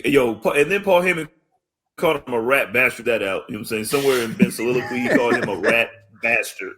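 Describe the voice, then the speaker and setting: Podcast co-host, male, bright edgy tone, playful joker. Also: medium pitch, animated, quick pace. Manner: joking, laughs often. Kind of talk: casual wrestling chat.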